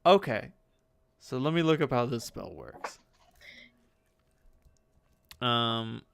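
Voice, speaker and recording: A man's voice: medium pitch, lively intonation, slow pace, vocal fry, smooth, no echo. A man running a tabletop game as game master, talking casually with profane dry jokes. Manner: casual, profane, dryly joking.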